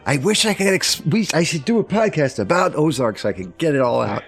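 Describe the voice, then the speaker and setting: A man co-hosting a podcast in casual chat, an animated storyteller who jokes and slips into voices. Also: on the high side, a little fast, creaky. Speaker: podcast co-host.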